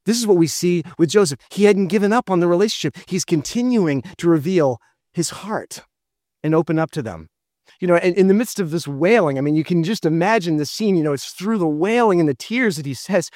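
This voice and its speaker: Brief: male pastor, high voice, earnest sermon delivery, dry close sound. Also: expressive, moderate pace, darkish tone, no echo. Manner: earnest, asks rhetorical questions.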